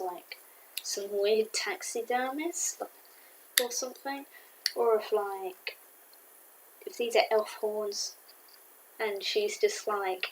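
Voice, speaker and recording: A woman casually reviewing a cartoon episode to camera, rambling and excitable with many fillers. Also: mid-range voice, a little hiss or hum, low-quality recording. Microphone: camera mic.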